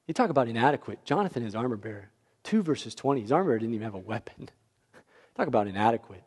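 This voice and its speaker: A man preaching a sermon, telling a story with lively swings from quiet asides to near-shouting peaks. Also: mid-range voice, quick pace, slightly rough. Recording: long hall reverb.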